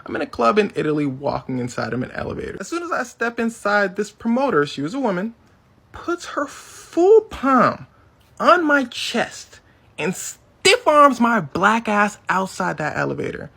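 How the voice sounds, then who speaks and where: A man with a gravelly, husky voice tells a profane, indignant story, swinging his pitch all over the place. He is from Africa and the States and narrates with animated energy. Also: normal speed. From Africa and the United States. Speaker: storyteller in a viral clip. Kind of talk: storytelling monologue.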